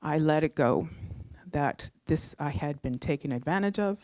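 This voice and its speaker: A middle-aged woman from Canada telling a personal story live on stage, heartfelt and animated, acting out the voices she quotes. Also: deep voice, normal speed, no echo, clean studio sound. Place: theatre stage.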